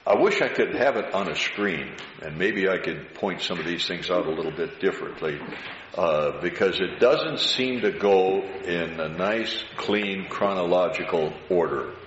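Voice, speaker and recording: A man preaching a sermon slowly and deliberately, drawing out words for emphasis. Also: fairly low pitch, a bit bright. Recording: roomy, dull hall recording with faint hiss.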